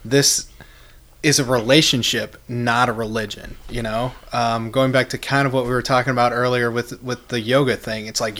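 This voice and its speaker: A man's voice: mid-range voice, steady tone, normal speed, fairly bright tone. A man hosting a casual faith podcast, talking passionately in long rambling runs full of restarts. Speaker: podcast host.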